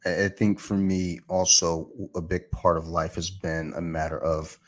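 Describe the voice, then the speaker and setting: A man in his forties from Detroit, a podcast guest who talks in an animated way, laughs often and swears freely. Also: low-pitched, moderate pace. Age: 40s. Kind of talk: casual chat.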